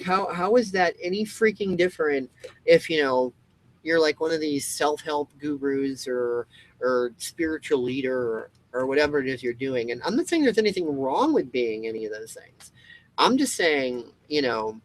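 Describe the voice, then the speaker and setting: An expressive man with a mid-range voice hosts his own show, speaking at normal speed in a passionate, meandering monologue. He swears frequently, restarts often, stresses his points, and mockingly imitates people he quotes, all captured in poor audio.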